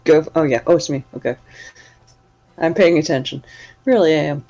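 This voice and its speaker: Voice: mid-range voice, normal speed, warm tone, muffled recording, soft background music. A player at a tabletop game, laid-back and joking while taking a turn. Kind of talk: casual chat at a tabletop game.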